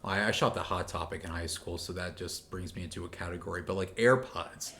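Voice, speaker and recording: A man's voice: low-pitched, fairly quick, pushed and bright. A man in casual podcast chat, rambling and filling his talk with "like" and "you know". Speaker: podcast guest co-host.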